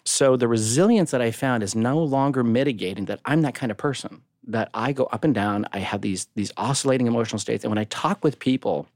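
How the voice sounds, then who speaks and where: A man's voice: medium pitch, fairly quick, hardly any pauses, darkish tone, dry recording. Give me a blunt middle-aged man in a dry recording, co-hosting a podcast with frank, emphatic talk. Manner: blunt, swears freely, emphatic. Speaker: podcast co-host. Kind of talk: candid personal talk.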